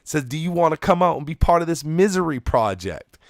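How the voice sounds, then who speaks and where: A man's voice: on the high side, very animated, a little fast, dry recording, studio quality. A man in his thirties, co-host of a podcast, telling a rambling, profane story with lots of restarts. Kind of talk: casual storytelling.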